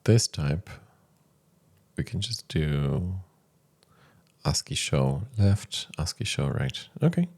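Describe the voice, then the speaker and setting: A man thinking aloud to himself as he writes code, low-key and halting, with frequent pauses and fillers. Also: expressive, darkish tone, breathy edge. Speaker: programmer streaming his coding. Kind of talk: thinking aloud while coding.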